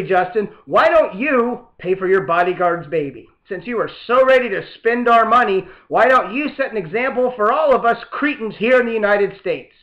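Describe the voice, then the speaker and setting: This podcast host runs a political comedy show, delivering satirical news with sarcasm and fake outrage. The audio is dull, and his voice is high.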